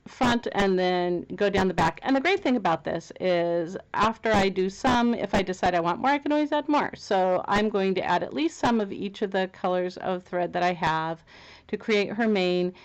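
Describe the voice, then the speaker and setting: A woman's voice: mid-range voice, moderate pace, lo-fi sound. A woman chatting casually and giggling as she walks through a craft project in a home video. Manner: chatty, giggly, self-amused. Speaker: crafting vlogger. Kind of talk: casual knitting tutorial chat.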